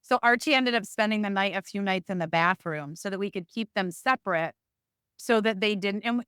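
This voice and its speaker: A middle-aged woman telling a long story as an interview guest, chatty and animated. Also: mid-range voice, fairly quick, smooth, dry recording, clean studio sound. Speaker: podcast guest.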